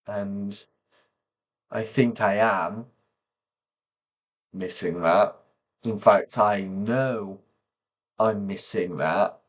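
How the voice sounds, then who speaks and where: A man talking slowly and softly to camera, pausing often as he reflects on personal memories. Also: on the low side, lo-fi sound. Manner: slow, soft-spoken, pausing often. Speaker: vlogger.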